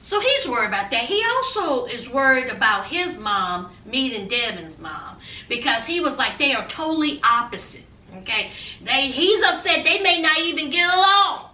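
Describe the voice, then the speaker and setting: Sassy high-pitched woman. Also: moderate pace, echoey room, distant mic, slight background noise. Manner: sassy and animated, calls viewers honey and child, acts out quotes. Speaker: reality TV recapper. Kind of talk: casual chatty recap.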